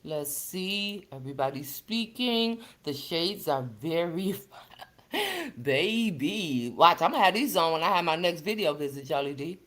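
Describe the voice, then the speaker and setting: A woman hosts a casual livestream in a fairly low, slightly bright voice, very animated yet unhurried. Reading the comments, she chats freely with viewers, greeting them by name and calling them sister and baby.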